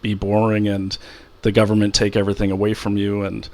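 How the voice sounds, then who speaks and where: A man's voice: lowish voice, completely flat delivery, a little fast. A middle-aged man in casual conversation as a guest, rambling through stories with frequent restarts. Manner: rambling, anecdotal, many restarts.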